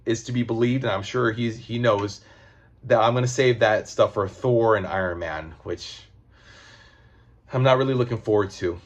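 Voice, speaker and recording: A man's voice: lowish voice, moderate pace. A man giving a casual, rambling comic book review, loose and profane.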